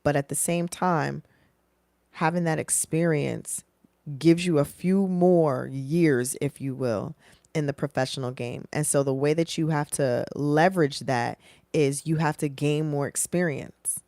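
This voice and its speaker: A woman in her thirties, a professional singer, giving casual, animated career advice to camera. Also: sits low, measured pace, no room sound. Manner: animated, acts out dialogue in changed voices.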